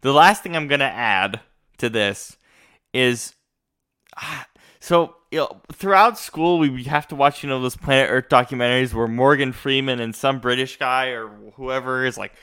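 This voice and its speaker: Emphatic young man, bright and smooth. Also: medium pitch, moderate pace. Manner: emphatic, opinionated. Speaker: podcast co-host. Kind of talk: casual chat.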